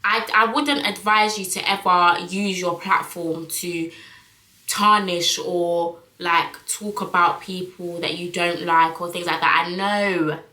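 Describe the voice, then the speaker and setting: A woman's voice: on the low side, steady tone, slow pace, bright, forceful tone, roomy sound, low-quality recording. A young woman, chatting frankly to camera in a casual vlog, full of fillers. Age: young adult. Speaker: vlogger.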